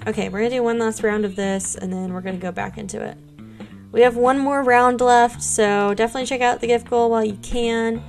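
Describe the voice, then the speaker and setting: Bubbly young woman streamer, slightly high voice. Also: fairly even intonation, a little fast, vocal fry, soft background music. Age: young adult. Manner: bubbly, gushing thanks to chat. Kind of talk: casual live-stream chat while gaming.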